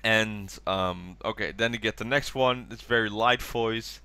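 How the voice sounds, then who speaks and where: A man's voice: on the low side, unhurried, pushed and bright, clear, resonant tone, no echo. A tired man co-hosting a podcast, rambling through a recap of a TV special and acting out quoted lines in raised voices. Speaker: podcast co-host. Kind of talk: casual chat recapping a TV special.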